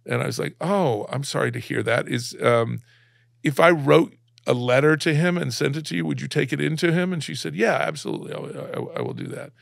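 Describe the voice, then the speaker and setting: Middle-aged male guest from Alabama, very gravelly, dry close mic, emotional storyteller with restarts. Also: fairly high pitch, dry recording. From Alabama, USA. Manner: halting, many restarts, close to tears. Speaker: guest, cartoonist.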